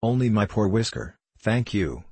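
Guy reading a grumpy sand fairy, curt, low husky voice. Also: animated, moderate pace, warm tone, no room sound.

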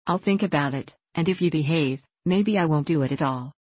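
A woman's voice: low voice, a little fast, a little mellow, breathy edge, no echo. A woman doing a smug teasing boy. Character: mischievous teasing boy, cocky and bossy.

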